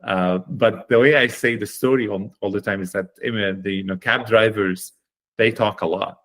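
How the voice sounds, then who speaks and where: A man guesting on a podcast interview, telling his story in an earnest, animated way with plenty of fillers. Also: lowish voice, moderate pace. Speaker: guest, chocolate company founder.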